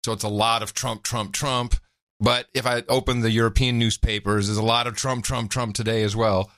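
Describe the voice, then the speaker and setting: A man co-hosting a podcast, chatting casually in a lively, teasing way. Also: medium pitch, moderate pace, dry recording, clean studio sound. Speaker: podcast co-host. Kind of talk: casual chat.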